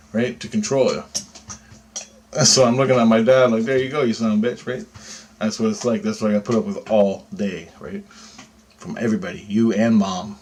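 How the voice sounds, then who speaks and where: A man's voice: on the low side, darkish tone, a little hiss or hum. A man telling a story in a rambling, agitated spoken monologue, swearing often and checking in with "right?". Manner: profane, agitated, conversational with repeated "right?". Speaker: vlogger recounting a dream.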